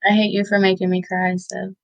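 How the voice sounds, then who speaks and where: A woman in her thirties giving tearful, heartfelt shout-outs in an interview, halting with many fillers. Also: mid-range voice, level tone, dry recording, muffled recording. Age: 30s. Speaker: interview guest.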